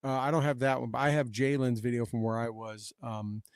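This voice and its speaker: A man's voice: medium pitch, flat delivery, a little fast, clear, resonant tone, dry recording, studio quality. A man hosting a veterans' podcast, talking in a casual, plainspoken way about his deployment. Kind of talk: casual conversation.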